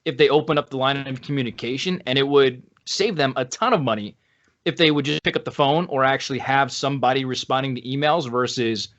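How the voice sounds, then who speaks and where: Relaxed male podcast host, lo-fi. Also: medium pitch, brisk. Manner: conversational, full of "you know" fillers. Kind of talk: casual podcast chat.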